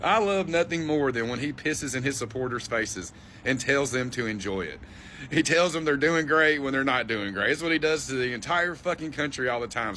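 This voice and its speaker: A man's voice: medium pitch, sharp tone, slight background noise. A man hosting a political reaction video, talking in a profane, scornful, ranting way about the news. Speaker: political commentary host. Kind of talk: reaction commentary.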